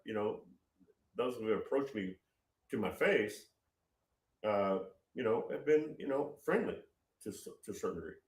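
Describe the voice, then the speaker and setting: A man's voice: fairly low pitch, far from the mic. Rambling man preaching in a roomy space. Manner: rambling, repeats words, storytelling. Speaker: prophetic speaker. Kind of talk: informal prophetic teaching. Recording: roomy, off-mic.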